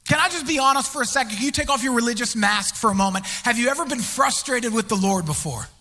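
A man preaching a sermon as pastor, candid and self-deprecating, swinging from hushed whispers to shouted emphasis. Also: very high-pitched, animated, fast. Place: church auditorium. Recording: long reverb of a large hall.

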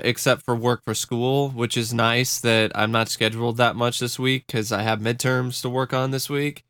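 Young male co-host, easygoing and halting, middle pitch, smooth and close. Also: a bit bright, no echo. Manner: laid-back, hesitant with fillers. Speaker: podcast co-host. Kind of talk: casual podcast chat.

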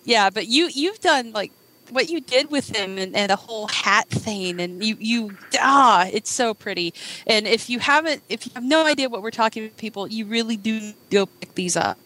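Woman interviewer, eager fan energy, bright crisp voice, fairly high. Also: lively intonation, normal speed, poor audio. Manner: gushing, enthusiastic fan. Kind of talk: casual interview chat.

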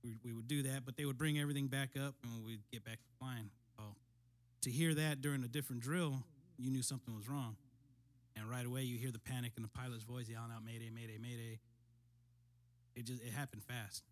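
A middle-aged man and military veteran telling a story in casual conversation, steady and matter-of-fact, often clearing his throat. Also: medium pitch, fast talker.

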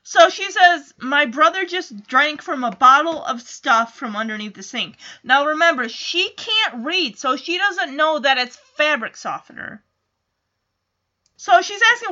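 A woman casually recapping a TV episode, chatty and animated, acting out bits of dialogue as she retells it. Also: sits high, normal speed, lo-fi sound. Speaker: show recapper.

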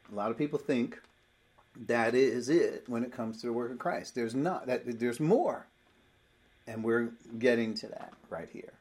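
A man's voice: mid-range voice, a little mellow. A man teaching a Bible lesson, explaining verses step by step and reading scripture aloud with emphasis.

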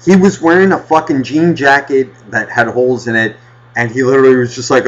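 A man casually telling a rambling childhood story on a podcast, swearing constantly and getting animated. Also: medium pitch, fairly quick. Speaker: podcast host. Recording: dull lo-fi podcast audio.

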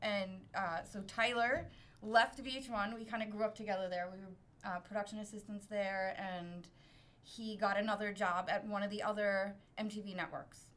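A middle-aged Brooklyn, New York native appears as a podcast guest, telling a story in easygoing chat. She speaks at a moderate pace in a mid-range voice, laughing often with an animated, self-deprecating manner.

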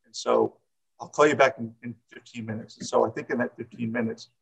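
A man's voice: mid-range voice, steady tone, fairly quick, creaky, slightly rough, low-quality recording. A middle-aged man who coaches, telling a personal story in an interview, rambling and repeating words with many fillers.

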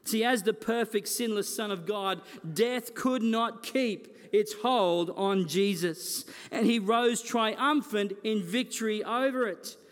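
Man, pastor, sermon, earnest, repeated phrases, slow, hall reverb. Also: sits high. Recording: long reverb of a large hall.

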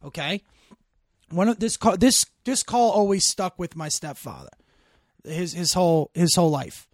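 A man's voice: sits high, lively intonation, normal speed, a little mellow, no room sound, clean studio sound. A man telling stories in casual chat, emphatic and full of profanity.

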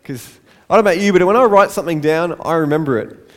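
High-voiced man preaching a sermon. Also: fast talker. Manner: light-hearted, self-deprecating asides. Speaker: pastor.

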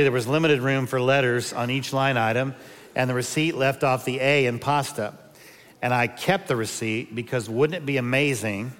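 A man's voice: medium pitch, a bit bright, smooth, in a large hall. A man in his fifties, a pastor giving a sermon and telling humorous personal stories. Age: 50s. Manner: humorous storytelling with personal anecdotes.

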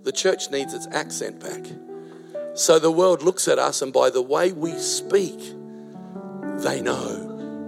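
An older male pastor from Australia delivers a sermon in a gravelly voice. He strings rhyming phrases into a rolling cadence and drops into storytelling asides. Faint instrumental music sits under his voice. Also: medium pitch, unhurried. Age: 60s.

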